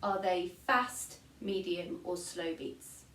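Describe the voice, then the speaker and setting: A woman's voice: fairly low pitch, slow, a bit bright, recorded from a distance. A woman with an English accent teaching a recorded online music lesson, patiently explaining and counting beats aloud. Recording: echoey room, voice from off-mic.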